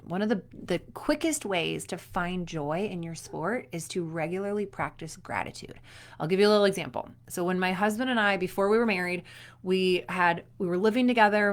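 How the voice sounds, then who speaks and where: A woman in her thirties, a performance coach, giving an upbeat, chatty motivational talk to young athletes and acting out little quotes along the way. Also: fairly low pitch.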